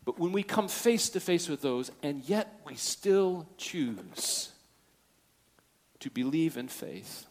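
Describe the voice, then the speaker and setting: A man pastor preaching a sermon, swinging from hushed, near-whispered passages to loud, fervent peaks as he acts out the quotes he tells. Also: a little high, very animated, slow pace.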